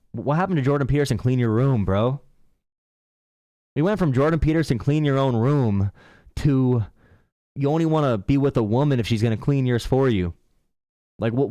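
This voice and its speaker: A man's voice: medium pitch, darkish tone, no room sound, clean studio sound. A man hosting a live political call-in stream, ranting bluntly and mockingly. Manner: mocking, blunt, says bro a lot. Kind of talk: casual streaming rant.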